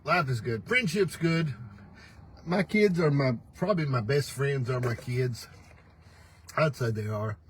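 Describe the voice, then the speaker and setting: A man's voice: mid-range voice, measured pace, a little hiss or hum, rough recording. An older man hosting a casual morning livestream, folksy and teasing, laughing often as he talks. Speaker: host. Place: pickup truck.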